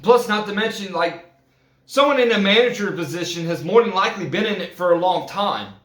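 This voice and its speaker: Guy with a high voice venting, cursing a lot, stumbling over words, echoey room. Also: animated, fairly bright tone. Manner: heated, swearing, halting restarts. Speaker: vlogger. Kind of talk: casual profane rant. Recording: roomy echo.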